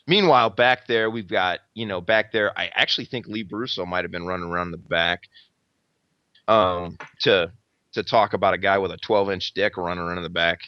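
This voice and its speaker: A man's voice: low-pitched, no room sound, dull audio. A man telling a rambling, profane fight story in casual podcast chat, acting out the quotes. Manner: rambling, heavy swearing, acts out quotes.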